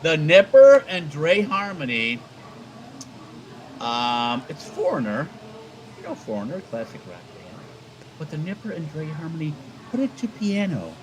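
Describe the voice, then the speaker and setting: A male radio co-host with a fairly high voice that swings widely up and down. He talks loosely and profanely and laughs often. A faint hiss sits under the recording. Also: huge pitch swings, measured pace, pauses often, rough recording. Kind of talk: casual radio banter.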